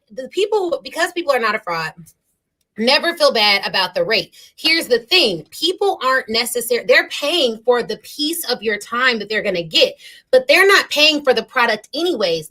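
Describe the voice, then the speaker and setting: A woman's voice: fairly high pitch, sharp tone, rough recording. A woman hosting a podcast interview, speaking emphatically in a coaching tone. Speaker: podcast host.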